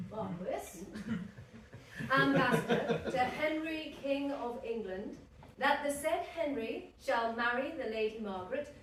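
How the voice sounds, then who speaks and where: A woman's voice: sits high, a bit bright, slight background noise. A woman playing a grave lord protector. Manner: formal, measured reading. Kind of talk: stage acting. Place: theatre stage. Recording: echoey theatre from far off.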